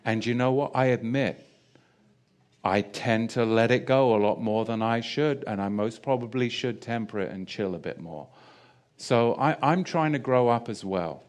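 A man's voice: mid-range voice, moderate pace, darkish tone. A man preaching a sermon in a chatty, self-deprecating way with jokey asides. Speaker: pastor.

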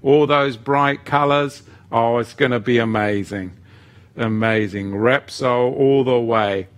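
A man's voice: medium pitch, takes it slowly. A man teaching a live-streamed lesson who reads the chat and greets viewers by name, with playful asides. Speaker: livestream teacher.

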